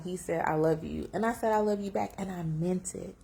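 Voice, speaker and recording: A woman telling a personal story on camera, reflective and emotional, close to tears, with lively jumps when she quotes herself. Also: lowish voice, a little fast, vocal fry. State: tearful. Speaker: vlogger sharing a personal story.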